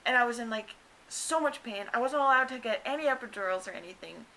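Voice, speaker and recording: Bright-voiced young woman telling a story. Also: expressive, fast talker, a little hiss or hum, low-quality recording. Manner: chatty, many "like" fillers, acts out quotes in higher voice. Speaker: new mother telling her birth story. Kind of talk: casual storytelling to camera.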